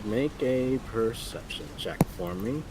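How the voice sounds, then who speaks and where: A man's voice: medium pitch, animated, slow pace, heavy background noise. A man narrating as game master, with a loose, hesitant delivery full of restarts.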